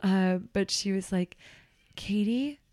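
A woman's voice: mid-range voice, moderate pace. A woman who works as a nanny, chatting on a podcast and giving earnest advice with frequent ums and laughs. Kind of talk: casual podcast chat.

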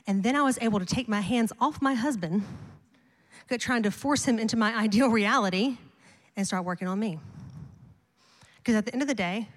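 A middle-aged woman pastor preaching a sermon, telling a personal story in an animated, emphatic way with repeated refrains. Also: fairly high pitch. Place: large church auditorium. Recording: long hall reverb.

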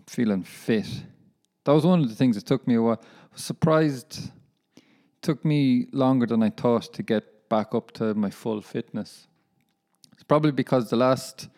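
A man's voice: medium pitch, warm tone. A young man hosting a casual solo podcast, chatting in a rambling, self-deprecating way and calling his listeners lads. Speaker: professional footballer and podcast host.

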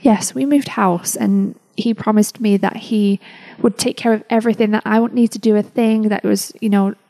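A woman podcast host telling a personal story in an emotional, halting way, with many restarts. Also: medium pitch, fairly even intonation, gravelly, warm tone, rough recording.

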